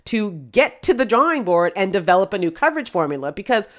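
A woman co-hosts a podcast in casual political chat, her pitch swooping widely as she gets indignant. She drops quick laughing asides between points. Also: very animated. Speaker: podcast co-host.

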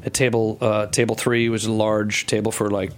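A middle-aged man guesting on a casual interview, spinning a long, rambling story. His voice sits somewhat low, and he stops, restarts and fills gaps with "uh" as he goes. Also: flat delivery, fairly quick. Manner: rambling, many restarts and fillers.

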